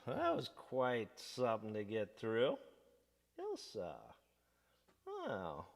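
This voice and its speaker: Gravelly low american guy chatting between songs, rambly, big long reverb, soft music under. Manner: rambling storyteller, many fillers. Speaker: musician hosting a livestream. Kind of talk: casual chat between songs.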